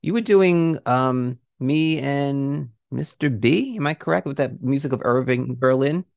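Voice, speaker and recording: A man's voice: medium pitch, measured pace, gravelly, dry recording, clean studio sound. Man hosting an interview podcast. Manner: warm-hearted, rambling questions with restarts. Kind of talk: casual interview.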